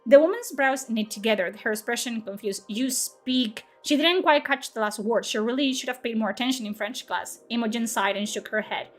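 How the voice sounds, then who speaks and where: A woman reads her own story aloud on a livestream, stopping often to chat, laugh at herself and swear. Her voice sits a little high, and faint music plays underneath. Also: brisk, few pauses. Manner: swears freely, laughs at herself, chatty asides. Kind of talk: story reading with casual asides.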